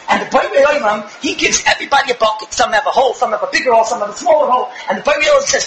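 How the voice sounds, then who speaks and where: Fast, high-voiced young man lecturing. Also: echoey room, a little hiss or hum, rough recording. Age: young adult. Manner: animated, rhetorical questions, bursts of shouting. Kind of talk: religious lecture to a live audience. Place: room with an audience.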